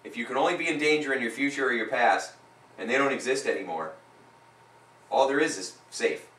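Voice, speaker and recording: An emphatic man coaches a client live, leaning on repeated lines that build in force. His voice is bright and forward. It sounds roomy, picked up from a mic set a little way off. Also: mid-range voice, brisk, distant mic.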